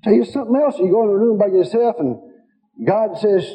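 A man's voice: high-pitched, fairly quick, dark tone. A man preaching a sermon, telling stories in a folksy way and quoting conversations in his own voice. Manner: folksy storytelling, quotes God and others in his own voice. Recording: dull lo-fi sound.

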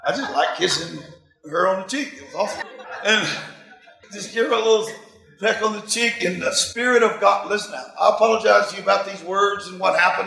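A man in his sixties delivers a sermon as a story, animated and quick to laugh. His voice sits high and carries a gravelly edge. The sound rings in an echoey room. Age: 60s. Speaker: preacher.

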